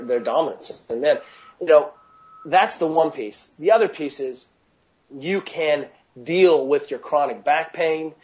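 A man's voice: a little high, a little mellow, highs cut off. A man coaching athletes, talking casually and energetically in an interview, with lots of "you know" fillers and restarts. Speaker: mobility coach.

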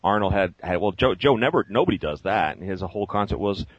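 A man with a low, deep voice spins a rambling story on a strength-talk show, full of "you know"s and restarts. His speech sounds close and dry, with no room around it. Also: expressive, quick pace, breathy edge, no room sound, dull audio. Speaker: co-host. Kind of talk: casual podcast chat.

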